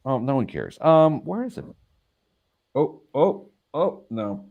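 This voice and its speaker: This radio talk show host, also a financial planner, has a mid-range voice with big pitch swings, a slow pace and a darkish tone, heard over dull audio. He spins casual, self-mocking stories about his own life and laughs at himself.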